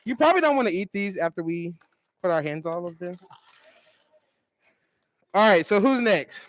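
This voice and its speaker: Young co-host, animated, playful, mid-range voice. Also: medium pitch, moderate pace, noisy background. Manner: lively, playful banter. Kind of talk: casual game hosting.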